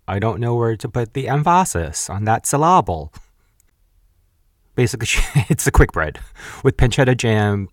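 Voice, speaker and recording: A man's voice: lowish voice, animated, normal speed, no echo, studio quality. A man in his thirties hosting a podcast, casually recapping a cooking show, chatty with frequent laughs and blunt asides. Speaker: podcast host.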